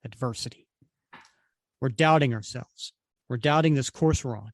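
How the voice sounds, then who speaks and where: A man's voice: mid-range voice, normal speed, no room sound, clean studio sound, lightly acted. A man voicing an earnest young male team leader giving a rallying speech.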